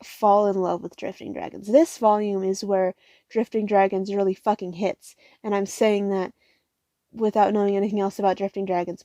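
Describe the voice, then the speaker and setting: A young woman rambles through her latest manga haul in a mellow, warm voice, cursing freely and talking herself into bursts of excitement. She sounds tired. The sound is close and dry, with no room echo. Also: mid-range voice. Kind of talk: casual haul vlog.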